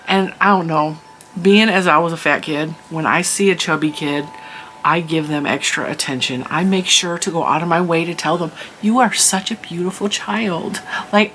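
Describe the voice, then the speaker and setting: A woman's voice: deep voice, fairly bright tone, slight background noise, poor audio. A middle-aged woman telling a story in a casual, chatty vlog, emphatic, with lots of "like" and laughs. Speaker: crafting channel host.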